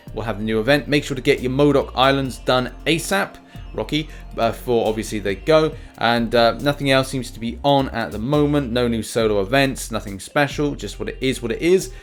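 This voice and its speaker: A male host giving casual commentary on game news, rambling and full of "uh"s and restarts. His voice sits at an ordinary middle pitch. Faint music plays behind him. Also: a little fast. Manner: chatty, rambling, many fillers and restarts. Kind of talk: casual gaming news commentary over gameplay.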